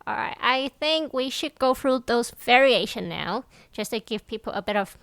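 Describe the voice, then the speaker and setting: A woman's voice: on the high side, lively intonation, gravelly, fairly bright tone, dry recording. Chatty woman explaining phrases. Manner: chatty, many "like" fillers, explains slowly. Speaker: podcast co-host teaching Cantonese. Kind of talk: casual language lesson chat.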